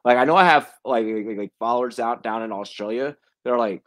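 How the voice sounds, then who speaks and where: A man's voice: mid-range voice, a little fast, no room sound, studio quality. A man hosting a casual podcast chat who laughs often and repeats words while searching for them. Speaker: podcast host.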